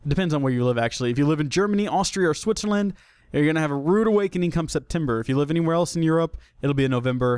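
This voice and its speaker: A young man talks through news on his solo podcast in a loose, joking way, often stumbling and restarting. His voice sits a little high. It is recorded close and dry, with no room sound. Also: darkish tone, clean tone, dry recording. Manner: chatty, jokey, self-deprecating, with many restarts. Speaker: podcast host. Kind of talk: casual solo podcast talk.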